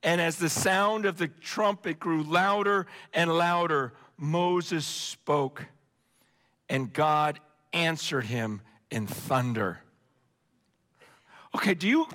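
A man preaching a sermon with passion, swinging between shouting and hushed tones. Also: sits high, animated, slow. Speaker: pastor. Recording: long hall reverb.

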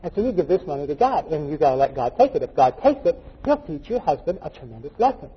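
A man's voice: a little high, sing-song, fast, breathy edge. A male pastor preaching a folksy, joking sermon full of anecdotes, recorded in a dull, echoey church hall. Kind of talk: storytelling sermon.

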